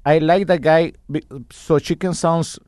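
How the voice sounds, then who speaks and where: A man's voice: a little high, fairly even intonation, moderate pace, darkish tone, smooth, no room sound. Joking man. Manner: joking, teasing, laughs at his own lines. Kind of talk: casual chat.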